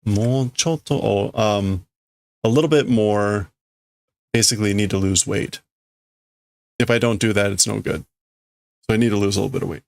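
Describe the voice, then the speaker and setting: A man hosting a casual livestream, reading Japanese manga lines aloud and translating them haltingly as he thinks out loud. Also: on the low side, gravelly, no room sound.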